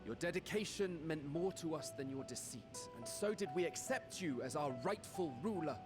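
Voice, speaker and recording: A man plays an earnest, devoted commander of a city guard, his voice sitting a bit high and fervent, sometimes dropping to a hush. A clear game score plays under him. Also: expressive, normal speed, lightly acted. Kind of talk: game cutscene voice acting. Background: game music.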